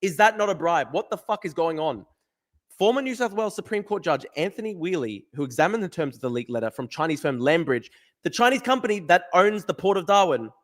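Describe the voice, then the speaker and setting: A man, ranting in livestream commentary, swearing and repeating his points. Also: on the high side. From Australia. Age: 20s. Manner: ranting, profane, repeats himself. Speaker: streamer.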